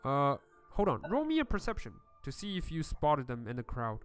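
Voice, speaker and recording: A man's voice: a little high, wildly swooping pitch, normal speed, soft background music. A man narrating a tabletop game as game master, hesitant with many fillers.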